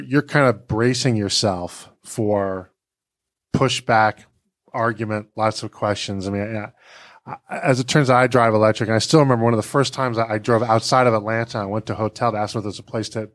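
A man's voice: on the low side, steady tone, moderate pace. A man hosting an interview, framing his questions with hesitant restarts and personal asides. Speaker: host. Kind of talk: interview questions, casual chat.

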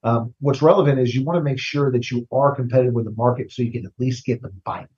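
Guy on an interview chatting about hiring, mid-pitched voice, keeps checking in with the listener, kinda muffled audio. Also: fast talker, darkish tone. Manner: conversational, repeats words, tags "right?". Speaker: recruiting consultant guest. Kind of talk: casual interview storytelling.

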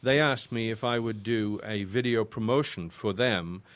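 A man's voice: fairly low pitch, normal speed. An older man from Yorkshire with an English accent, a voice actor chatting as a guest in an interview and rambling through his stories with restarts. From Yorkshire, northern England. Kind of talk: casual interview chat.

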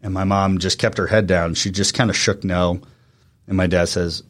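A man in his thirties from Virginia, a guest telling an emotional personal story in an earnest, halting way with frequent restarts. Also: low-pitched, steady tone. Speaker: interview guest.

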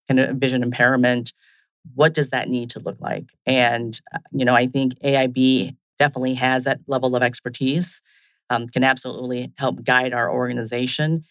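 A man's voice: medium pitch, a bit bright, no echo, poor audio. A man being interviewed as a business leader, speaking in business phrases and leaning on "kind of" and "right?". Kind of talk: conversational interview.

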